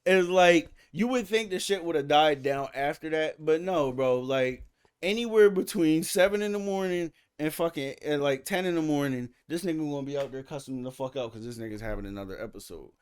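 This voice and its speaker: A high-voiced man spins casual, profane stories as a podcast guest. He talks in an animated way and throws himself into loud impressions of the people in his stories. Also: a little fast, clean tone. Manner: animated, profane, acts out other people's lines loudly. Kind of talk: casual storytelling.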